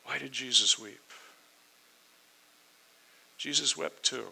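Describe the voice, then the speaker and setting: A man preaching a sermon, reading scripture aloud and then explaining it in a conversational way, swinging between loud emphasis and quiet asides. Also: medium pitch, measured pace, vocal fry, long pauses, husky, rough recording. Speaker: pastor. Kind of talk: sermon, verse-by-verse Bible teaching.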